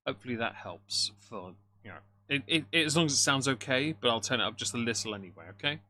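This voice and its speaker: This livestreamer's voice sits in the mid-range, expressive and sharp in tone, and he speaks at a quick pace against slight background noise. Reacting live on stream, he greets his chat and drops dry, mocking comments.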